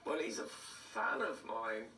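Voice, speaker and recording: A bright, forward-toned older man, hoarse and throaty, trading dry, self-mocking anecdotes. He sits in a roomy studio, heard from a little way off, with faint ambience behind him. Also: mid-range voice, very animated, takes it slowly, recorded from a distance, slight background noise. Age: 60s. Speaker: comedian guest. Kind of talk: casual chat interview.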